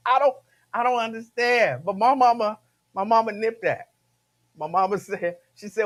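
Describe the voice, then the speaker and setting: A male radio host with a slightly high voice delivers a loose, casual monologue. He hammers his points by repeating lines and breaks into laughs as he goes. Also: big pitch swings, a little fast, fairly bright tone. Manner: repeats phrases, emphatic, laughs between points.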